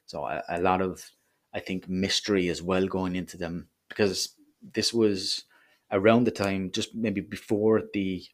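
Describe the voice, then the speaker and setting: A man hosting a solo podcast, talking casually and rambling with chatty asides and self-corrections. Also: low voice. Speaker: podcast host. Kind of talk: solo history podcast talk.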